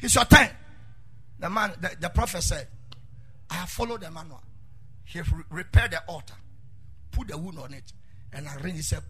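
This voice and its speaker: A male pastor preaching a sermon, dropping low and then rising into sung, shouted lines. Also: moderate pace, pauses often, husky. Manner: swings from murmuring to sung shouts. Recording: faint music behind.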